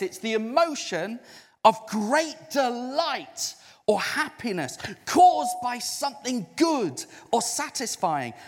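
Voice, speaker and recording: A preacher with a lively, swooping voice, delivering a sermon slowly and deliberately. He stretches key words for emphasis and invites his listeners to say phrases back, while long reverb from the church hall trails behind each line. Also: extremely high pitch. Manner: expressive, drawn-out emphasis, audience call-and-response.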